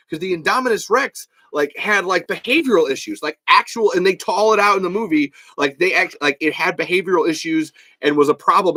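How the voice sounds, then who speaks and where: A man hosting a solo podcast, talking fast and swearing as he rants about films while reading comments. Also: fairly high pitch, dry recording. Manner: fast, profane, ranting with loud bursts. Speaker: podcast host.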